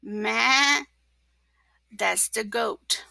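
A teacher reads a storybook aloud to young children, very slow and full of expression, now and then dropping into a whisper. Her voice is bright and fairly high, picked up close in a dry room. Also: creaky, no room sound.

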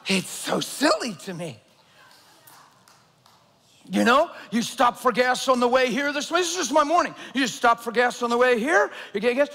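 A man preaching a sermon to a church congregation, telling a story and swinging from loud to hushed. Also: very high voice, animated, moderate pace. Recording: long hall reverb.

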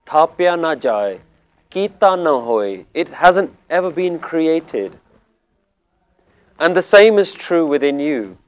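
A man teaching Sikh scripture, explaining word meanings calmly and deliberately, repeating key phrases. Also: a little high, muffled recording. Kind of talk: slow spiritual explanation.

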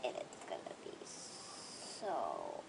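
A young gamer putting on a deep, breathy, whispered impression of a famous older male narrator, with a slow, mock-solemn delivery. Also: wildly swooping pitch, very noisy, exaggerated voice. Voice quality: breathy whisper, dropped far down in pitch.

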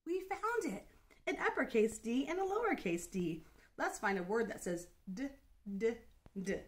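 Lively, sing-song preschool teacher woman. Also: on the high side, moderate pace. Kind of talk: children's lesson.

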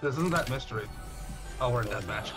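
A man's voice: mid-range voice, animated, a little fast. A man casually chatting with friends while gaming, flustered and swearing, laughing at himself. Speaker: streamer playing a team shooter. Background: game music and sounds.

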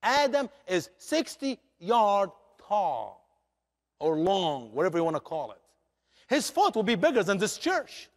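Male guest preacher, dramatic storyteller, high animated voice, long church reverb. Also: unhurried. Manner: dramatic, expressive, non-native grammar. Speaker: guest speaker.

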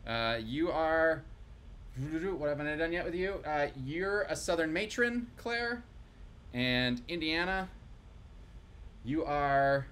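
A man's voice: a little high, expressive, slow, long pauses, fairly bright tone, clear, resonant tone. A man hosting a comedic table read over a video call, cheering on the cast and handing out voices for them to try. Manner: upbeat, encouraging, hands out voices. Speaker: host and director of a live table read.

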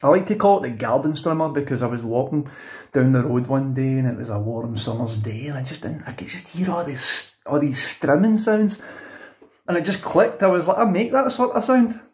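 A man's voice: mid-range voice, moderate pace, darkish tone. Young Scottish man, beatbox teacher, loose chatty delivery full of restarts and asides. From Scotland. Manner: chatty, rambling, frequent self-corrections and "you know what I mean". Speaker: beatbox tutor. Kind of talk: casual video tutorial.

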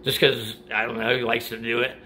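This middle-aged man, a vlogger who gives supplement advice, talks a little fast in a level, mid-range voice that comes across pushed and bright. Out of breath after working out, he chats casually about gear and supplements, rambling and restarting sentences, with slight background noise behind him.

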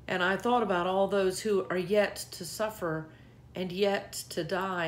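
A woman shares a reflective devotional, reading scripture between her own thoughts. She speaks very slowly and earnestly, in a fairly low voice, often halting and restarting mid-sentence. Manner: earnest, heartfelt, halting with pauses.

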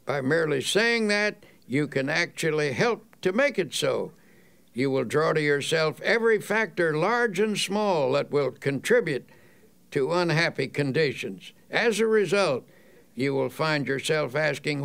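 Slow, gravelly male audiobook narrator. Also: on the high side, lively intonation, fairly bright tone. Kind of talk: measured self-help audiobook reading.

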